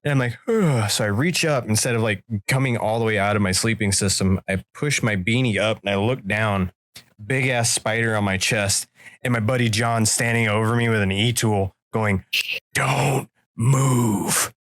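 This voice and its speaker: A man's voice: fairly low pitch, normal speed, dry recording, clean studio sound. A man co-hosting a podcast, telling a story casually and acting out the voices in it. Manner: animated, acts out voices in his stories. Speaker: podcast co-host.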